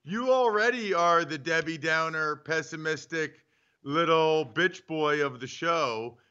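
A man co-hosting a sports talk show from home, bantering in a teasing, animated way. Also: fairly high pitch, measured pace, smooth, muffled recording. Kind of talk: casual sports radio banter. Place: home studio.

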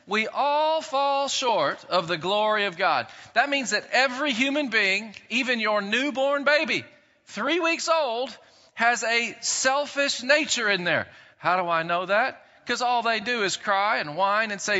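A pastor preaching a sermon in an animated way, acting out quotes and swinging between loud and soft. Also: male voice, high-pitched, moderate pace. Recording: dull sound in a long-reverb hall.

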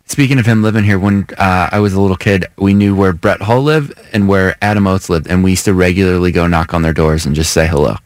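A man's voice: low-pitched, fast, hardly any pauses, no room sound. A man from the St. Louis area co-hosting morning radio, teasing his co-hosts with dry quips. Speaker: radio co-host. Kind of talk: casual studio banter.

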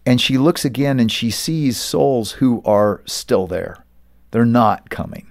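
Animated storytelling pastor, a man. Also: medium pitch, moderate pace. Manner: animated storyteller, acts out quoted voices. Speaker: pastor and author, guest. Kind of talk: storytelling interview talk.

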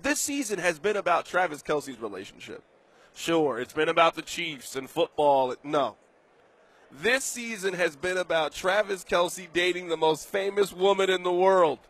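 A man hosting a sports radio show, delivering an animated, emphatic, joking monologue from a studio. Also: sits high, normal speed.

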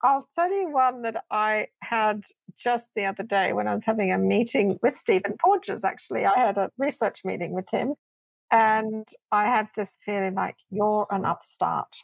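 Gravelly husky low-voiced woman. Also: no echo, rough recording. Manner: thoughtful, measured explaining. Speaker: guest, doctor and researcher. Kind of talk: reflective interview answers.

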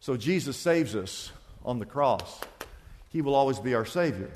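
A man's voice: mid-range voice, animated, moderate pace, a little mellow, big-room sound, slight background noise. A man preaching a sermon, telling a story emphatically with frequent repetitions. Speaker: pastor.

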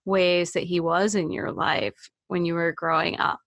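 A woman interviewer with a low, husky, gravelly voice speaks slowly and gently. She is thoughtful and halting, and her voice sounds close and dry, with no room around it. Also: little pitch movement, no room sound. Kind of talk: personal interview.

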